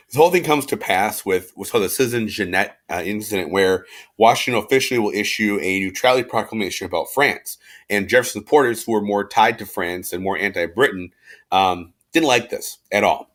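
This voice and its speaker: A man with a lowish voice gives a relaxed history lecture to his class. He speaks in a chatty, slangy way and keeps the tone informal, with fillers and restarts throughout. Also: a little fast. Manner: chatty and slangy, acts out quotes in everyday speech. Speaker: history teacher. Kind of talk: casual recorded class lecture.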